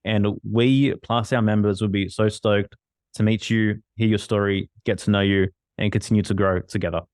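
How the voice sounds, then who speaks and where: A man's voice: on the low side, fairly even intonation, normal speed, darkish tone, smooth, no echo, studio quality. A man hosting a podcast, enthusiastically promoting membership tiers with emphatic delivery. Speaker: podcast host. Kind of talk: promotional read.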